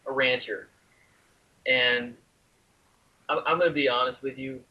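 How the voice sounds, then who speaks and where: A man's voice: mid-range voice, steady tone, measured pace, slightly rough. A man from the US South co-hosting a podcast in casual chat. He is chatty and stumbles over his words when amused. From US South (Arkansas, Alabama). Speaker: podcast co-host. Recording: dull lo-fi podcast audio.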